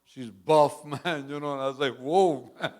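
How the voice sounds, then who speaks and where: A man's voice: mid-range voice, little pitch movement, normal speed. A man preaching a sermon through a long personal story, in a casual street-style way, often tacking on "man" and chuckling between lines.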